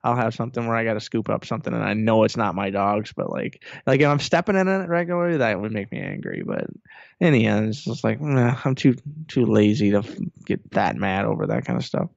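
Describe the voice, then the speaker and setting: Podcast co-host, man, gravelly and relaxed, slightly dull lo-fi mic, rambling anecdotes. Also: on the low side, fast talker, no echo. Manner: rambling, laid-back storytelling with many "like" fillers. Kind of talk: casual chat.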